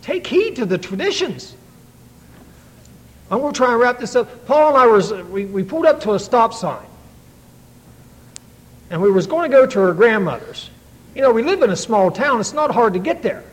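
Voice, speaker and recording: A man's voice: very high voice, sing-song, normal speed, long pauses, low-quality recording. A middle-aged man telling his own story to a recovery meeting, in an earnest, folksy way with many restarts. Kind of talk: personal testimony to an audience.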